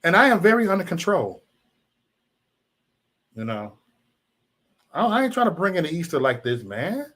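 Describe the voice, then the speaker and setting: A man hosting a live stream, venting at trolls in chat with heavy cursing. His pitch swings up and down a lot as he mocks and scolds. He talks loosely, as if to regulars. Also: normal speed, long pauses. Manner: profane, animated, mocking chat trolls. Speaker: livestream host.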